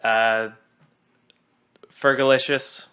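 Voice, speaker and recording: Male songwriter, mid pitch, bright tone, laid-back self-mocking commentary. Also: little pitch movement, very slow, faint music behind. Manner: chatty, laughs at his own jokes, self-deprecating. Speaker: songwriter commenting on his own musical. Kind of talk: casual creator commentary.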